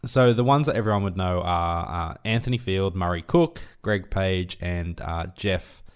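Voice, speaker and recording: Laid-back Australian man, very low voice. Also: normal speed, clean tone. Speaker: podcast co-host. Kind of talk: casual chat.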